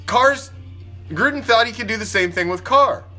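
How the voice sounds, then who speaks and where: A man's voice: extremely high pitch, animated, normal speed, bright, forceful tone, faint music behind. A man delivering a heated, profane sports opinion rant, emphatic and blunt. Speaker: sports talk commentator.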